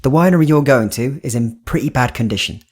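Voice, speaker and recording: A man voicing a slick, friendly young businessman in an audiobook, talking in breezy, quick salesman patter a little above his own pitch. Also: lightly acted.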